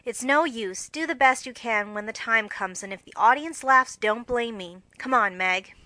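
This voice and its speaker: A woman's voice: a little high, normal speed, sharp tone, dry recording. A woman voicing a bold, boyish teenage girl who speaks emphatically and theatrically. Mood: eager.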